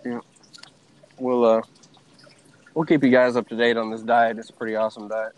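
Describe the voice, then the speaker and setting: A man's voice: mid-range voice, flat delivery, moderate pace. A man with a Southern US accent co-hosting a casual, profane, joking chat show. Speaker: podcast co-host.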